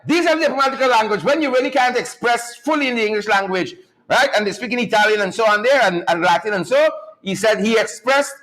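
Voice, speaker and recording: A man hosting a live-streamed talk show, animated and mocking, with a preacher-like cadence. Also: high voice, fast talker, poor audio.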